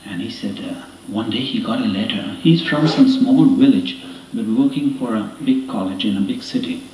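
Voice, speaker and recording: A man's voice: fairly low pitch, normal speed, darkish tone. Distant, roomy male storyteller. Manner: anecdotal, conversational, acts out quoted dialogue. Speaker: speaker giving a talk. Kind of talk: storytelling talk to an audience. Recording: roomy and distant with faint ambience.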